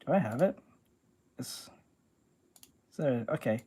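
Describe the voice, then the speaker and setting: A woman's voice: extremely low pitch, lively intonation, measured pace, dark tone, husky. A woman art streamer in casual live-stream chat, slangy and calling her viewers bro.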